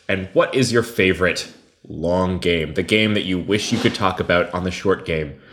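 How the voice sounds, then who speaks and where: A man's voice: deep voice, moderate pace, a bit bright. A man hosting a casual podcast chat in a jokey, self-mocking way. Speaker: podcast host.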